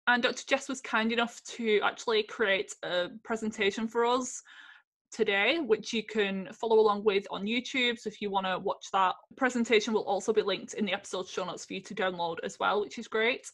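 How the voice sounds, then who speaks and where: A woman's voice: mid-range voice, a little fast, fairly bright tone. Upbeat woman host doing a podcast intro, talks into her mic. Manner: upbeat, enthusiastic. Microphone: podcast microphone.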